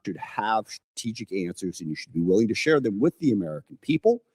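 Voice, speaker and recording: A man speaking at a congressional hearing, measured and critical, with sarcastic asides, played back on a stream. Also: fairly low pitch, big pitch swings, darkish tone, breathy edge. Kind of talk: hearing remarks.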